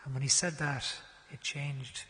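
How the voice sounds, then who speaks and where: Man, parish mission speaker, storytelling, hushed to loud, long church echo. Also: mid-range voice, fairly even intonation, a little slow. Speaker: guest speaker. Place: large church.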